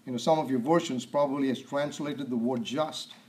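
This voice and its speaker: A man preaching a sermon, stressing and repeating key words and often clearing his throat. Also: medium pitch, fairly even intonation, fairly quick, darkish tone, rough recording.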